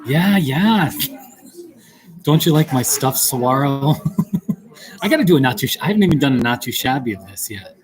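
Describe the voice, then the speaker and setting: A man's voice: medium pitch, sing-song, moderate pace, long pauses. A man hosting a casual livestream from a busy coffee shop, chatty and playful as he reads questions aloud. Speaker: livestream host. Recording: noisy coffee shop crowd. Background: loud crowd chatter.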